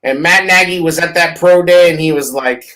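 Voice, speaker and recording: A man with a high, bright voice, co-hosting a casual sports show. He tells stories in an excited, profane, animated rush and swears freely. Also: moderate pace, poor audio. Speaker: podcast co-host.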